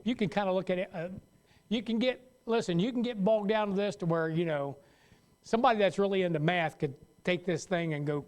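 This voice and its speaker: A man's voice: high-pitched, fairly quick. A man pastor teaching a Sunday school Bible lesson in a loose, conversational way, often stopping mid-sentence to restart.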